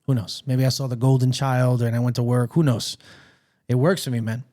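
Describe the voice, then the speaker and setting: A young man co-hosts a casual podcast, his voice sitting in an ordinary middle pitch. He tells stories with animated, profane energy and keeps the talk loose. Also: brisk. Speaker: podcast co-host. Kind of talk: casual chat.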